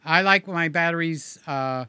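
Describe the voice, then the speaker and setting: A man with a bright, forceful, fairly high voice chats loosely through a livestream, reading viewer comments aloud. He rambles and repeats himself, and his words come out a little slurred. The sound is dry and close. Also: measured pace, smooth, no room sound. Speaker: livestream host.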